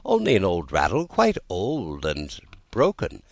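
A man voicing a polite, earnest young girl from a storybook, pitching his voice high and careful. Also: wildly swooping pitch, unhurried, gravelly, no room sound, full character voice.

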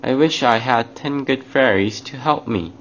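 A man's voice: mid-range voice, moderate pace, close to an everyday voice. A man reading a storybook, voicing a helpless, tearful young wife in a pleading manner. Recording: dull lo-fi, faint hiss.

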